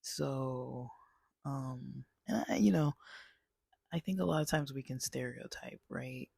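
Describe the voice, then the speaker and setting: A man's voice: mid-range voice, slow pace, gravelly, darkish tone, breathy edge, no echo. A man casually reviewing a movie, rambling with many fillers and restarts. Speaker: channel host.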